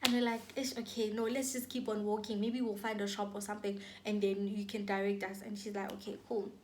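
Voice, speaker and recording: A woman's voice: mid-range voice, flat delivery, fairly quick, background noise. A young South African woman telling a dramatic storytime on her vlog, with lots of repetition and acted-out quotes. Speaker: YouTuber.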